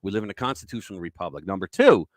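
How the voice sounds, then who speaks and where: A man's voice: sits low, sing-song, racing, no room sound. A man hosting a political talk show, ranting profanely and mocking his opponents. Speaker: podcast host. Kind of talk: political commentary rant.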